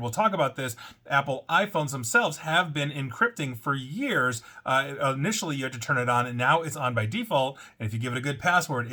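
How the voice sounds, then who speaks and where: Male tech commentator, bright forceful tone, indignant opinions. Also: mid-range voice, breathy edge. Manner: emphatic, indignant, conversational with fillers.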